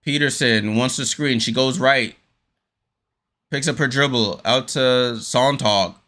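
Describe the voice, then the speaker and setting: Bright-voiced man calling play-by-play. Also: medium pitch, takes it slowly. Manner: hesitant with fillers, rising excitement on big plays. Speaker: host. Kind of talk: casual fan play-by-play commentary.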